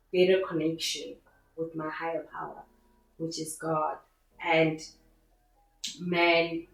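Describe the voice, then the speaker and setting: A woman hosting her own podcast in an excitable, rambling way, with faith-filled asides. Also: lowish voice. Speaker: podcast host. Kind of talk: casual solo podcast monologue. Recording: very echoey room with faint music.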